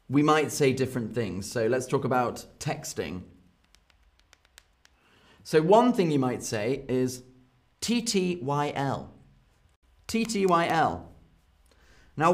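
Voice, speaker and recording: Young British man, slow-paced live English lesson, playful and chuckling. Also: medium pitch. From Britain. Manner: slow, playful, often laughing at his examples. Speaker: English teacher.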